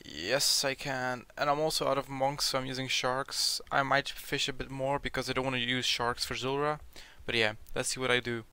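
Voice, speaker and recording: A young man who is sick, commenting casually over his gameplay, reading out loot drops and swearing when he gets excited. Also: medium pitch, moderate pace, hardly any pauses, smooth. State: sick, sounding a bit off. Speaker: gaming video creator.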